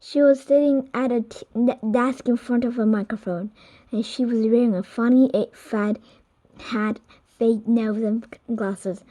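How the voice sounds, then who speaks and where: A woman's voice: on the high side, fairly even intonation, a little slow, mellow, poor audio. A woman reading a children's chapter book aloud, carefully, stumbling and restarting words. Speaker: storybook reader.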